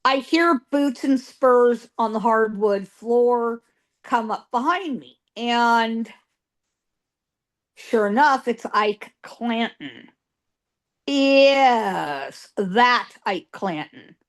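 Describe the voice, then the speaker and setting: High-voiced woman telling ghost stories slowly. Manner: emphatic, piles up repeated words. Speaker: guest psychic.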